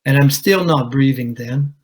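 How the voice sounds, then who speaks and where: A man, a commercial diver, telling his own story at a conference in a measured way, with pauses. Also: mid-range voice, poor audio. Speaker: commercial diver giving a talk. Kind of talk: conference presentation, personal account. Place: conference hall.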